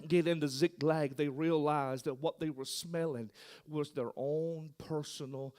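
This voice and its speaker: A man preaches in church with a high, ringing voice. His delivery is impassioned, swinging from shouting to a hushed near-whisper. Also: steady tone, a little slow. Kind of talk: sermon.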